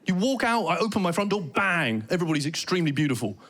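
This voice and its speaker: A British man doing stand-up comedy, telling animated stories and trying out mock Danish phrases. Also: high voice, quick pace. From Britain. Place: theater stage before a laughing audience.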